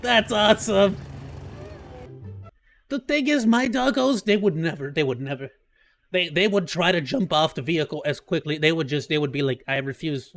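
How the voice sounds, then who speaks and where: A man live-streaming, reacting to clips with excitable jokes and frequent laughter. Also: a little high, moderate pace, faint music behind. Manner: excitable, joking, laughs often.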